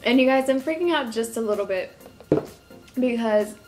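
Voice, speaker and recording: A young woman from Texas chatting casually as a vlogger, friendly and quick to laugh, reviewing a drink. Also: a little high, over music. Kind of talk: casual product review vlog.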